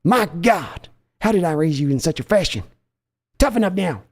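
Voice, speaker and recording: A man voicing a bossy, boastful older team owner who scolds his grown son, loud and drawling. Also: fairly high pitch, lively intonation, quick pace, natural voice. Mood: scolding.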